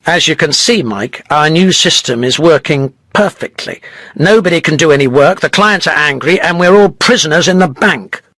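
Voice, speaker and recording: A man's voice: high-pitched, big pitch swings, moderate pace, fairly bright tone, husky, no room sound, pitched above the performer's own voice, exaggerated voice. A man voicing a stern middle-aged bank manager who speaks in a raised, commanding voice. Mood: sarcastic.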